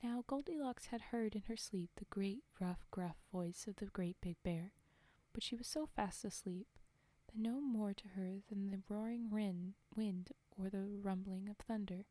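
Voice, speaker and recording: Soft-whispering woman storyteller. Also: medium pitch, no echo. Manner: soft, slow, whispered reading. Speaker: storyteller and streamer. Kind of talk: whispered role-play.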